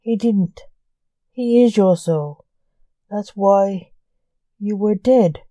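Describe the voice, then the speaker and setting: A woman reading the part of a male caller who blackmails in a curt, dark manner. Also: medium pitch, very slow, no echo. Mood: menacing. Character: man, menacing blackmailing phone caller.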